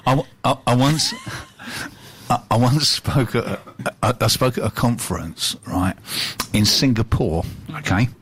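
A man's voice: medium pitch, expressive, unhurried, fairly bright tone, breathy edge. A man co-hosting a casual radio chat show, a jokey storyteller who laughs often. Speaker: radio co-host.

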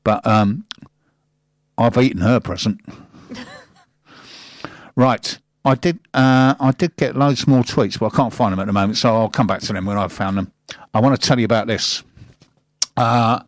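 A man's voice: mid-range voice, normal speed, pauses often, no echo, studio quality. Chatty male radio presenter. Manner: chatty, reads local news items aloud with asides. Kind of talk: casual radio chat and news reading.

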